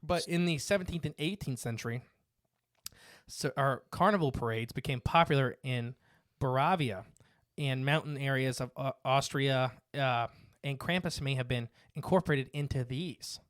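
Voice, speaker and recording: On a dry close mic with no echo, a man with a fairly bright, mid-range voice talks at normal speed. He's co-hosting a casual podcast, reading facts from notes and rambling with plenty of fillers and restarts.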